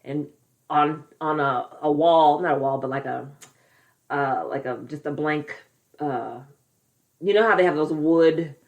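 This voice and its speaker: Lower-pitched woman co-host, rambling casual chat, swears, searches for words. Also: a little slow, darkish tone. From California. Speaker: podcast co-host.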